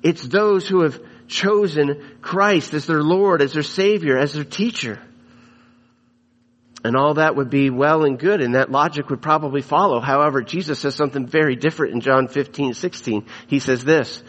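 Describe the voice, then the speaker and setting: Emphatic man preaching in an echoing hall. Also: fairly bright tone. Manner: emphatic preaching, slowing and dropping low for scripture. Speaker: pastor. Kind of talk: sermon. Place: church sanctuary. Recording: long reverb of a church hall.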